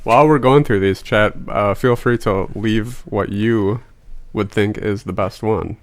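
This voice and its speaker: Low-voiced man explaining the rules. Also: unhurried. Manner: explaining, hesitant fillers. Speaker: co-host. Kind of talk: casual chat.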